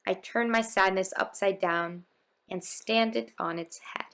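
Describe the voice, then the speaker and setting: Storybook figure: a woman doing a soft-spoken, hopeful jester, a touch gravelly. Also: mid-range voice, fairly even intonation, unhurried. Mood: gentle. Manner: gentle and coaxing. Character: kind, hopeful male court jester.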